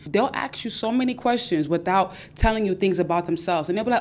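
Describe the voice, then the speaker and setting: A young adult woman hosting a podcast, giving casual advice and acting out her friends' voices with lively energy. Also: mid-range voice, fast talker, few pauses, slight background noise. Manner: animated, acts out friends' voices. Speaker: podcast host.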